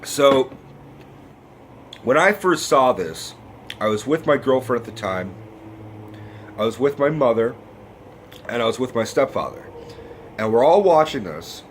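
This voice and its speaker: A man's voice: medium pitch, expressive, measured pace, long pauses, a little hiss or hum. A man giving a casual, rambling film review, swearing freely and getting emotional. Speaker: movie review vlogger.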